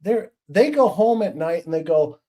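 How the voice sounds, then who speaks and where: A man's voice: on the high side, moderate pace. A middle-aged man hosting a livestream, telling anecdotes from his years as a police officer and acting out the people in them. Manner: animated anecdotes with acted-out voices. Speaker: podcast host, retired police officer. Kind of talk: casual livestream storytelling.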